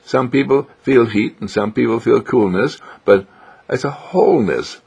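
A man gently guiding listeners through a self-healing exercise, with a coaxing, repetitive manner. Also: mid-range voice, moderate pace, gravelly, breathy edge, highs cut off. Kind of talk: guided self-healing instruction.

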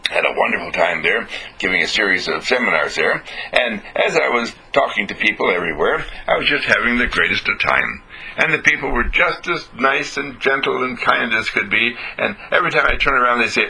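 A man's voice: mid-range voice, gravelly, pushed and bright, husky, low-quality recording. A man from a ministry giving a recorded inspirational message, full of exuberant, repetitive affirmations. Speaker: ministry speaker.

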